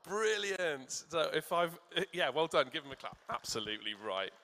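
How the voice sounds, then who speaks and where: A man with a fairly high, bright and forceful voice gives a sermon in a church. He keeps drawing in the children, encouraging them to shout out answers. A long reverb hangs around his words. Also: big pitch swings, normal speed. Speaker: church speaker.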